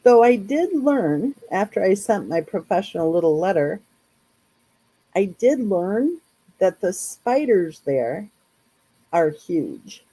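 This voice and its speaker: A woman's voice: medium pitch, very animated, slow pace, mellow, breathy edge, poor audio. A woman hosting a casual live chat, talking in a chatty, rambling way with lots of fillers. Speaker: true crime channel host.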